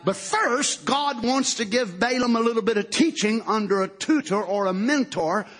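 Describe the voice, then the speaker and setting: A man preaching a fervent sermon, shouting and then dropping low. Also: normal speed. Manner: fervent shouting, swinging from loud to soft.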